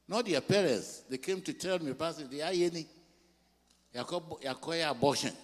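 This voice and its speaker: An older man with a Ghanaian accent, preaching a sermon as a pastor in a church, mixing English and Twi in slow, emphatic phrases. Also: mid-range voice. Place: large church hall. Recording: long reverb of a church hall.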